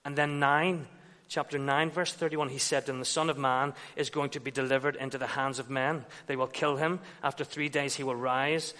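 A man's voice: medium pitch, fairly even intonation, moderate pace, sharp tone. A man preaching an expository sermon, retelling scenes and acting out quoted dialogue. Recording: long reverb of a large hall.

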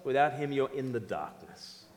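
A man's voice: medium pitch, normal speed. Man preaching in a reverberant hall. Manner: animated, conversational, audience-engaging. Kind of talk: sermon.

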